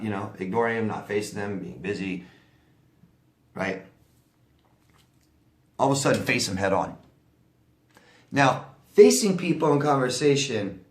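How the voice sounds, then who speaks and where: Blunt, conversational man coaching in a roomy space. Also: medium pitch. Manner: blunt, conversational, repeats points with asides. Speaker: life coach. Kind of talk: casual advice monologue.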